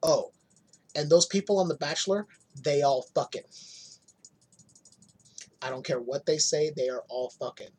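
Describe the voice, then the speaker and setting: A man chats loosely as a podcast host, his voice a touch husky. He talks bluntly and swears freely, cracking crude jokes. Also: on the high side, moderate pace, pauses often, a little mellow. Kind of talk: casual chat.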